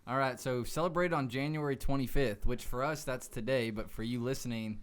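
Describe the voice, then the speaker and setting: A man co-hosting a casual podcast, joking and reading aloud haltingly. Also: mid-range voice. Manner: jokey, reads aloud haltingly. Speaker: podcast co-host. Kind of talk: casual chat.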